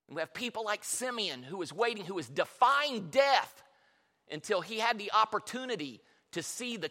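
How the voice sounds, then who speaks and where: A man's voice: high-pitched, pushed and bright. A male pastor preaching a sermon in a church hall, telling Bible stories with passion and lots of repetition. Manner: impassioned storytelling with repetitions. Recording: long reverb in a large hall.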